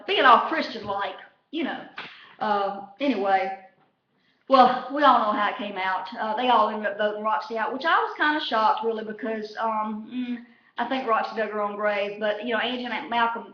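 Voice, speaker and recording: A woman chatting casually about a reality show, profane and rambling, full of fillers. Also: mid-range voice. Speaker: vlogger recapping a reality show. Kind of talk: casual chat. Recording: echoey room, dull lo-fi sound.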